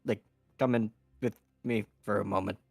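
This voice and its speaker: A man playing in a tabletop game, speaking hesitantly with halting starts. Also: lowish voice, fairly even intonation, gravelly, darkish tone, slightly rough, dry recording, faint music behind. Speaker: player.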